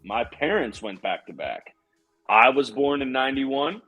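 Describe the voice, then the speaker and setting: A man in his thirties from Pittsburgh, co-hosting a sports podcast in animated, profane casual chat. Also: medium pitch, a little slow, slightly rough, muffled recording. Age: 30s. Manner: animated, profane, laughs a lot. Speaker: podcast co-host.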